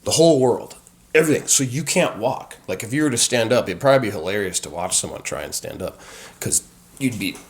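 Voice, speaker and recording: Casting: a lowish-voiced man, animated storyteller with lots of ums and restarts. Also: a little fast. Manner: animated, acts out dialogue, frequent fillers. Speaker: guest sharing recovery experience. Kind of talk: conversational storytelling.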